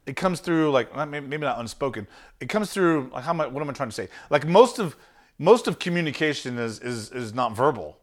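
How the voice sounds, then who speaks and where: A man's voice: mid-range voice, expressive, fairly quick. A man teaching sales in an emphatic, punchy monologue. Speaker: sales coach.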